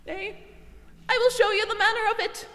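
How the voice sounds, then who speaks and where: A woman's voice: very high voice, normal speed. A woman playing a lamenting comic male servant. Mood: mock-grieving. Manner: mock-tragic, animated comic delivery. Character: comic young male servant lamenting over his dog. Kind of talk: amateur Shakespeare stage acting. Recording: long reverberant echo.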